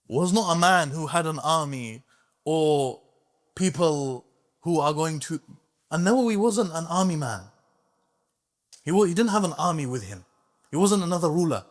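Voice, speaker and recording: A man giving a religious history lecture as a guest speaker in a mosque hall, telling the story with emphasis, swinging between quiet and raised delivery. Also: a little high.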